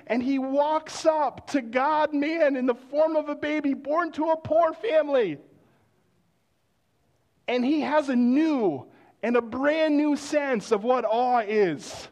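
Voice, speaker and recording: A male pastor preaching a sermon in a conversational storytelling way, dropping to hushed exclamations of wonder. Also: very high voice, slow pace, dull audio.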